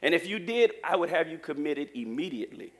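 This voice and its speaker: A man preaching a lively sermon in a church, joking with the congregation. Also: a little high, brisk. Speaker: pastor.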